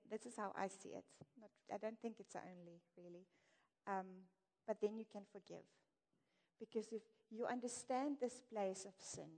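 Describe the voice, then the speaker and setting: A woman giving an earnest, candid sermon in a conversational way, speaking to a church. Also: mid-range voice. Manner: earnest, warm-hearted and candid, with light laughs. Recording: echoey hall reverb.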